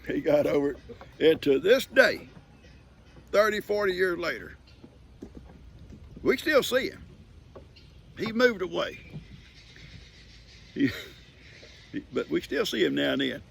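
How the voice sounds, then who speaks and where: A man's voice: on the high side, big pitch swings, slow, gravelly, pauses often, a bit bright, a little hiss or hum. An older man, chuckling as he tells a folksy story on his farm. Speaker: vlogger. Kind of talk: casual storytelling. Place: outdoors on a farm.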